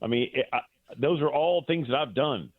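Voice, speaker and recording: A man's voice: medium pitch, moderate pace, no echo. A man calling in as a sports broadcaster guest, telling an emotional story in a rambling way with many restarts. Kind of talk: casual radio interview. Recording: dry tinny phone line.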